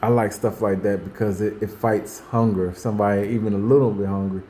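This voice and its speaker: A fairly low, warm, steady male voice moves fairly quickly as the host chats about faith and everyday life. He wanders, repeats himself, starts over, and acts out what people say, against slight background noise.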